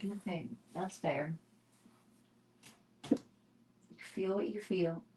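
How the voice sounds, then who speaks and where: A woman streamer chatting casually at home in a rambling, easygoing way. She often drops into soft cooing as she talks to her pets. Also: on the low side, extremely slow, slight background noise. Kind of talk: casual chat.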